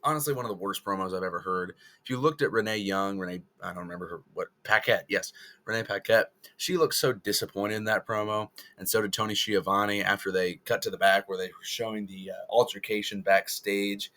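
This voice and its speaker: Casual rambling man with a lowish voice. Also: a little fast, pushed and bright. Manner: casual, rambling, self-correcting. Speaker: wrestling video creator. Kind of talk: opinion commentary vlog.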